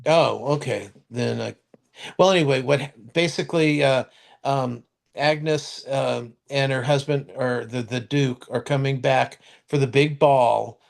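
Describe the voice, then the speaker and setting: A man co-hosting a podcast, chatting casually about TV shows in a rambling, halting way full of restarts and fillers, and swearing now and then. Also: medium pitch, creaky. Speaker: podcast co-host. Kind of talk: casual chat reviewing TV shows.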